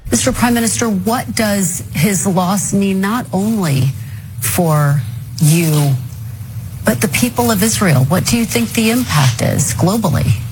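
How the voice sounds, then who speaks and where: A woman's voice: mid-range voice, lively intonation, measured pace. Woman interviewer in a noisy clip. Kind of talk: news interview question.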